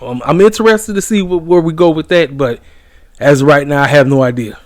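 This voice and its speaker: A man's voice: on the high side, brisk, no echo. A man hosting his own wrestling review channel, ranting in a blunt, emphatic, casual way.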